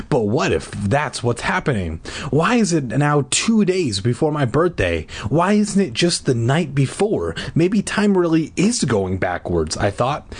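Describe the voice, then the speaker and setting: Man reading a kids' horror book, sardonic. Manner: sarcastic, profane asides, raises pitch for dialogue. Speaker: reader of a children's horror book. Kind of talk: comedic audiobook reading with drunken asides.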